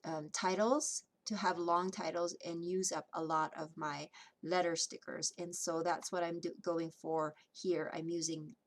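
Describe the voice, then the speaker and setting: A woman's voice: lowish voice, measured pace. Chatty woman narrating a craft process. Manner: chatty, relaxed, many ums and restarts. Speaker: scrapbooking vlogger.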